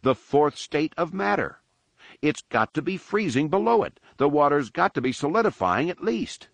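A male audiobook reader voicing an excitable young man who calls out in quick, eager bursts. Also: on the high side, gravelly, no echo, pitched above the performer's own voice, exaggerated voice. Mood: excited. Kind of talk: audiobook character voice.

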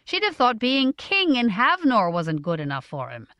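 Expressive woman reading a novel. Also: on the high side, normal speed, no room sound, muffled recording. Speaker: audiobook narrator. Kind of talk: scripted narration of a novel.

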